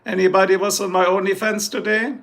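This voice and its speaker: A man's voice: high voice, little pitch movement, a little fast, creaky, a bit bright. A man chatting casually on a live stream, boastful and joking, rambling from one thing to the next. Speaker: livestreamer.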